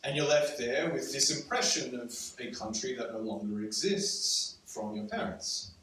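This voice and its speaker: A man's voice: mid-range voice, expressive, moderate pace, fairly bright tone. A young man from Serbia, raised in Australia, telling a wry, conversational story to a live audience with frequent ums. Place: event room before a live audience. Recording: very echoey room from far off, faint noise.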